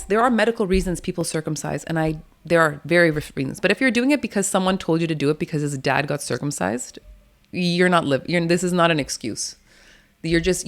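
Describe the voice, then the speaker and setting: Blunt low-voiced woman guest. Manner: outspoken, blunt, swears casually; animated, laughs often between points. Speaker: doula, interview guest. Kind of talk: casual interview talk.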